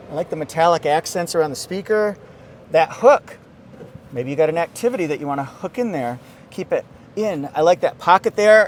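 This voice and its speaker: A man's voice: sits high, a little mellow, slight background noise. A man reviewing a car from inside it in a casual, upbeat walkthrough with joking asides.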